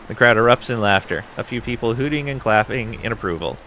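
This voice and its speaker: A man casually reading game story text on stream, relaxed and dotted with little asides. His voice sits slightly low yet sounds bright and forceful, over a faint hiss. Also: fairly quick, few pauses. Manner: relaxed, with frequent ums and asides.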